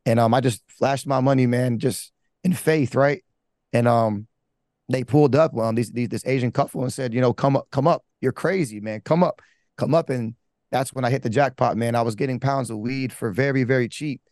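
A male pastor candidly recounts his life story, rambling casually with slang, fillers, and frequent restarts. His mid-range voice is a little mellow, with fairly even intonation at a moderate pace, captured in studio quality with no room sound.

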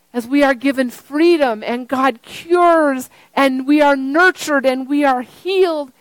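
A woman pastor preaching a sermon in slow, repeated phrases, at times singing a refrain. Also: high voice, no room sound, rough recording.

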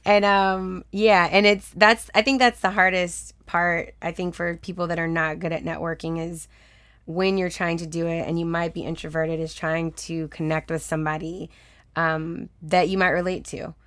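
A young woman from Texas talking casually as an interview guest, telling personal stories in a chatty, animated way, laughing often and acting out what people said. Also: fairly low pitch, normal speed, clear, resonant tone, no room sound. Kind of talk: casual conversational storytelling.

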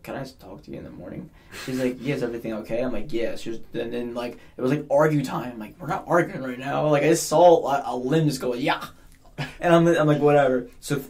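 A man's voice: medium pitch, a little mellow. A young man on a casual podcast, telling a long story with a lot of animation, quoting people in changing voices and laughing often. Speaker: podcast guest.

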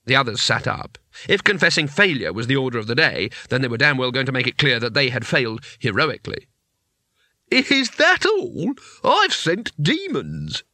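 A man's voice: medium pitch, expressive, fast talker, sharp tone, no room sound. A man narrating a comic fantasy audiobook in a wry, dry storytelling manner.

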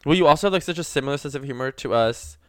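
A young man chatting casually on a podcast, rambling from one thought to the next with plenty of fillers. His voice is smooth and clear, at a middling pitch, and the room sounds dry and close. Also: rapid-fire, no echo. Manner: animated, rambling with many fillers. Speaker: podcast co-host. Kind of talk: casual chat.

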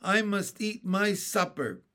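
A man's voice: high voice, expressive, slow, sharp tone, pitched above the performer's own voice, heavily acted. A man reading aloud and voicing an eager, hungry little boy in a raised, childlike way.

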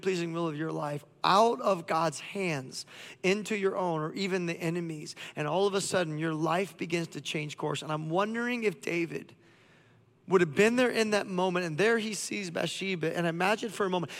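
Male pastor, high voice, impassioned preaching, long hall reverb. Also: a bit bright. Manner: impassioned, voicing God's lines with rising intensity. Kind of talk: sermon.

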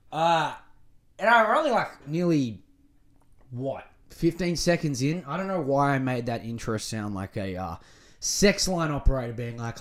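A man hosting a solo podcast, joking, swearing freely and rambling through a rant. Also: medium pitch. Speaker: podcast host.

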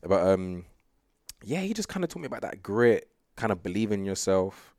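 Here the sprinter, a young man, has a fairly low pitch and a moderate pace. He's at ease as an interview guest, wandering off-topic with lots of fillers and laughs, and the audio is clean studio sound without any room sound.

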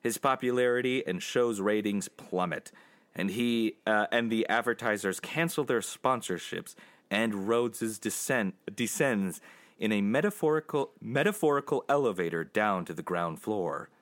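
Rambling low-voiced man recapping a film. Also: animated, a bit bright. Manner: rambling, laughs often, puts on quick voices for quotes. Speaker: podcast co-host summarizing a film. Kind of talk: casual chat.

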